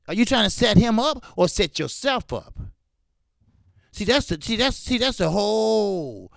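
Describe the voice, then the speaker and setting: Gravelly man ranting about boxing. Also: high-pitched, fairly bright tone, no echo, studio quality. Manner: fiery, repetitive ranting with profanity. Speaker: boxing talk show host. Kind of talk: live-stream commentary, reading chat.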